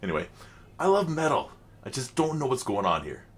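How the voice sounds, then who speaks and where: A man's voice: medium pitch, very animated, a little fast, over music. A middle-aged man, rambling chattily as he hosts a reaction vlog. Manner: rambling, chatty, frequent fillers. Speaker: channel host reacting to music.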